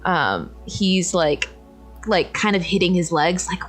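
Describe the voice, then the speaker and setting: Woman player narrating a tabletop game, husky, low, hesitant. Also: animated, slow, faint music behind, rough recording. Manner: hesitant, full of "like".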